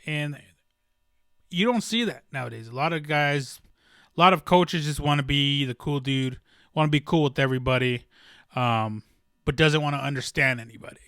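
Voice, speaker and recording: A man's voice: a little high, moderate pace, fairly bright tone, clean tone, dry recording, clean studio sound. A young man hosting a casual solo sports podcast, rambling with many ums and restarts. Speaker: podcast host.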